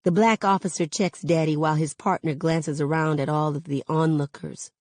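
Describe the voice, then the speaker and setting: A woman reading a novel aloud in a measured, even narration. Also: low-pitched, dry recording. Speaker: reader.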